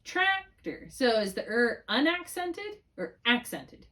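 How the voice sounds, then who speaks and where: A woman's voice: medium pitch, expressive, a little slow. A middle-aged woman tutoring a student in spelling, patient and encouraging, drawing out syllables to model them. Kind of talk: one-on-one spelling lesson.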